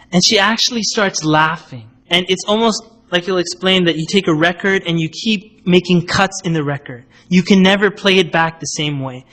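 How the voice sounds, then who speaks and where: A man with a notably high voice teaches in a relaxed, conversational lecture style. He explains step by step, often pausing to ask "right?" He slips briefly into other people's voices to act out his examples. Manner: explanatory, asks "right?" often, acts out quotes. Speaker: Islamic lecturer.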